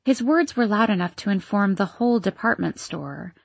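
Husky-voiced woman narrating a novel. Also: medium pitch, expressive, normal speed, no room sound. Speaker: audiobook narrator. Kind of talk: scripted narration.

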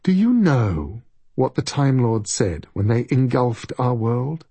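A man reading an audiobook, voicing an ancient masked time creature with a deep, guttural voice that turns breathy and sweet, patronizing and calling people dear. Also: sing-song, slow pace, warm tone, no room sound, full character voice. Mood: condescending.

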